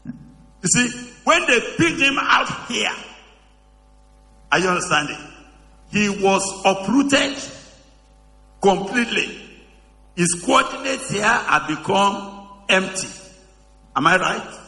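Dramatic pastor in an echoey hall. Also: male voice, sing-song, slow, pauses often. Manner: dramatic, swings from soaring high shouts to low murmurs; asks the congregation questions over and over. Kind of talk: sermon.

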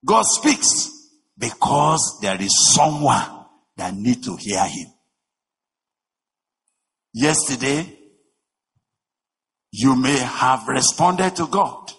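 A man preaching a sermon, emphatic, with rhetorical questions, swinging between shouting and a low voice. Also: extremely slow, long pauses, breathy edge. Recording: long reverb of a large hall.

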